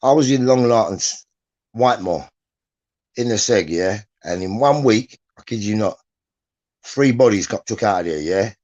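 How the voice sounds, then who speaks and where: A man's voice: on the low side, lively intonation, moderate pace, a little mellow, dull audio. A man, telling prison stories in casual chat, rambling and restarting, often tagging lines with "yeah?". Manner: rambling, repeats words, restarts, "yeah?" tags. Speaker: guest, former prisoner.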